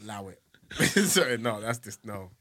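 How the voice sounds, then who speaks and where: Young man, casual podcast chat, very lively pitch, bright forceful tone, dry close sound. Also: normal speed, no room sound. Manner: slangy, laughs loudly, animated. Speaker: podcast co-host.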